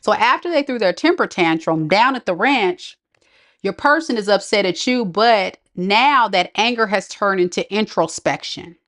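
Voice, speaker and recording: A woman's voice: medium pitch, expressive, moderate pace, a bit bright. A woman giving a live tarot reading, chatty and slangy, laughing often and talking straight to her viewers. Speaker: tarot reader.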